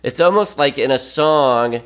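A man talking casually as a podcast guest, rambling and animated, with many fillers and restarts. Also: medium pitch, a little slow. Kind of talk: casual film discussion.

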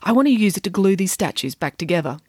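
Friday, a woman doing a calm, clever schoolgirl. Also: medium pitch, fast, slightly rough, dry recording, studio quality. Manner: calm and matter-of-fact. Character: serious, clever schoolgirl detective.

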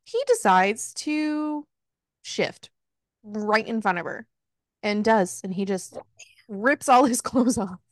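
A woman's voice: medium pitch, slow pace, pauses often, dry recording, clean studio sound. A woman hosting a book club podcast, casually retelling a story with swearing and jokes. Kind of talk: casual book recap chat.

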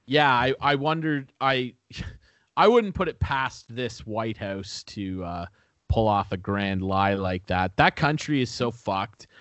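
Man, casual podcast rant, profane, dry recording, lively pitch. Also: takes it slowly, no echo. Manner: profane, ranting, laughs often. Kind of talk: casual political chat.

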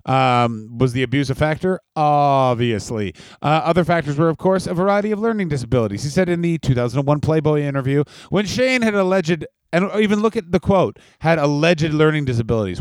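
A man's voice: fairly high pitch, expressive, fairly quick, few pauses, dry recording. A man co-hosting a podcast in casual chat, swearing freely and riffing into mock announcements. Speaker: podcast co-host.

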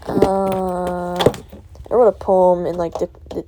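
A teenage girl venting in a rambling, laugh-filled way, with many fillers and curse words, dropping to a soft whisper at times. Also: lowish voice, completely flat delivery, slow pace, background noise. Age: teens. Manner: rambling, full of fillers and swearing, laughing often. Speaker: student vlogger. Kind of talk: rambling personal vent.

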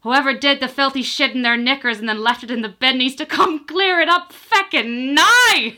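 A woman's voice: high voice, normal speed, pitched above the performer's own voice. A woman putting on a furious Irish landlady. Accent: Irish, put on. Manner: shouting, scolding.

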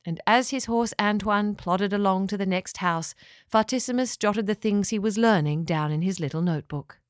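A woman reading a children's story aloud, gently and expressively, dropping lower on narration tags. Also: normal speed, clear, resonant tone, no echo, studio quality.

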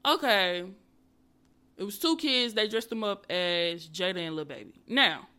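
A woman hosting a podcast, delivering a casual comedic monologue full of profanity and animated ranting, and speaking straight to her viewers and listeners. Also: medium pitch, a little slow, clean tone. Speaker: podcast host.

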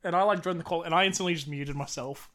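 A man, co-hosting a casual podcast in a relaxed way, often answering with short agreeing words. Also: fairly high pitch, fast talker. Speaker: podcast co-host. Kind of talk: casual chat.

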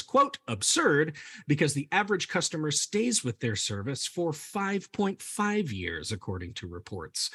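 A man hosting a comedy podcast, reading out researched facts with a lively, swooping delivery. His slightly husky voice sits a bit high, and he breaks into laughter easily. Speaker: podcast host presenting the story.

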